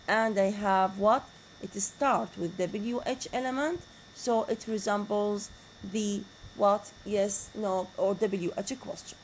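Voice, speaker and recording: A woman's voice: medium pitch, a little slow, a little hiss or hum, poor audio. A woman with an Iraqi Arabic accent and Arabic as her first language, giving a university lecture and often asking the class questions and repeating key words. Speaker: teacher.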